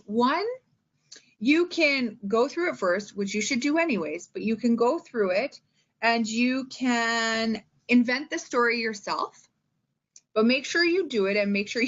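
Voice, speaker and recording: A woman giving casual, chatty teaching tips, often tossing in "like" and "right?". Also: on the high side. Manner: chatty, animated, lots of "like" and "right?". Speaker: reading workshop presenter. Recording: dull lo-fi recording.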